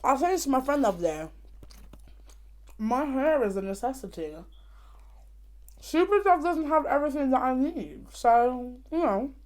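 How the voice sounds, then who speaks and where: A woman's voice: sits high, lively intonation, normal speed, long pauses, darkish tone. A young woman chatting playfully to her viewers between bites of food during a casual mukbang. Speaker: vlogger.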